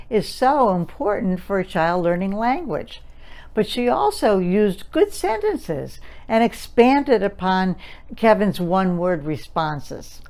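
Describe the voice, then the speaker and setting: A woman giving an instructional talk to parents in a calm, patient explaining manner. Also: lowish voice. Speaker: language development educator.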